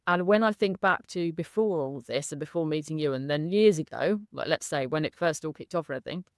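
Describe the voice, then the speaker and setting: A woman's voice: low-pitched, brisk, no room sound, clean studio sound. A woman speaking as a guest in a candid interview, effusive and emotional, laughing often. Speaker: coaching client, guest.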